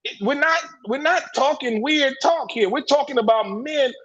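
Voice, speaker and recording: A man's voice: very high voice, normal speed, a bit bright, highs cut off. A man speaking in an impassioned group discussion on a livestream call, preachy and emphatic, repeating words and restarting his sentences. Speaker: panelist in a men's discussion group. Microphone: livestream video call.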